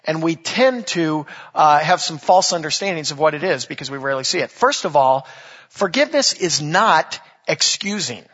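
High, bright husky-voiced preacher in a hall. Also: male voice, expressive, normal speed. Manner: conversational preaching with jokes and asides. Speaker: pastor. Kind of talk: sermon. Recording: echoey hall, dull lo-fi sound.

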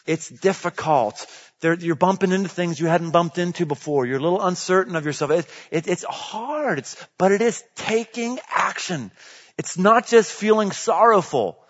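A man preaching a sermon as a pastor, animated, moving between quiet passages and loud emphatic ones. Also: fairly high pitch. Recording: dull audio with long hall reverb.

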